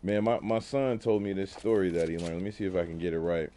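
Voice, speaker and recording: A man talking casually while playing a video game, telling a fable and musing on life in relaxed slang. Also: low-pitched, fast talker. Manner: laid-back, slangy, reflective. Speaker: gaming streamer. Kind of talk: casual gameplay commentary with storytelling.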